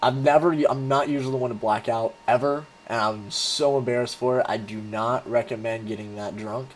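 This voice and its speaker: A man's voice: mid-range voice, fairly even intonation, brisk, a little hiss or hum. A man in his twenties casually telling a rambling, profane story, full of fillers and restarts. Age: 20s. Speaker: vlogger.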